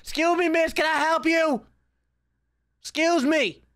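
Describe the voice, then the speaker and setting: A man's voice: extremely high pitch, steady tone, a little slow, fairly bright tone, pitched above the performer's own voice. A man putting on an overly sweet, sing-song customer-service voice with exaggerated politeness. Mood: mock stern. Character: sugary overpolite high-voiced man, fake customer-service cheer.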